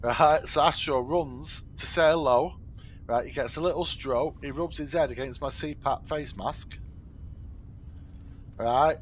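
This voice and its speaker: A man's voice: on the high side, a little slow, slight background noise. Brief: man, middle-aged, casual stream chat, stop-start delivery. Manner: rambling, talks to chat, frequent self-corrections. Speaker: live streamer. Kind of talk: casual chat while gaming.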